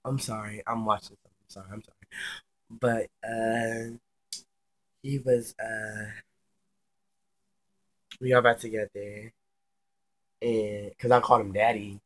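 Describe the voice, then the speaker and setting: Young man with a bright, forceful voice. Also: fairly low pitch, level tone, measured pace, long pauses. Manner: chatty and slangy, swears freely, many fillers. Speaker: vlogger telling a personal story. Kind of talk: casual storytelling to camera.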